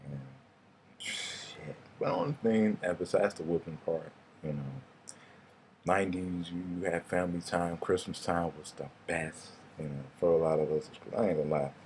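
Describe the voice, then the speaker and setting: A man's voice: deep voice, normal speed, darkish tone, slight background noise. A young man, telling rambling, casual stories and swearing freely in a vlog. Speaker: vlogger. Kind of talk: casual storytelling monologue.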